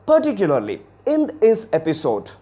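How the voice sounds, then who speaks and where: A man's voice: high-pitched, huge pitch swings, normal speed, dark tone. A man hosting a video lesson on English, speaking formally and earnestly and repeating key words for emphasis. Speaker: channel host and English teacher.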